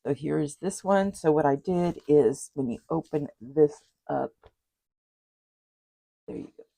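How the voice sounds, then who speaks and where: A woman's deep, mellow voice, slow and edged with vocal fry, comes through a low-quality recording. She's a craft vlogger casually flipping through a handmade journal, rambling with asides and apologies.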